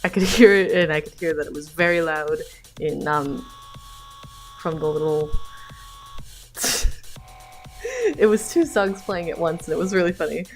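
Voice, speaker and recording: Low-voiced chatty woman streamer. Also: measured pace, long pauses. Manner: chatty, laughing, many fillers. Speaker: streamer reading her own comic. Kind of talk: casual live-stream chat. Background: faint background music.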